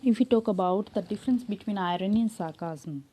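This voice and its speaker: An Indian English-accented woman giving a classroom lecture, her voice very dark and mellow. She explains at an unhurried pace, pausing on frequent "uh"s and "um"s. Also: mid-range voice.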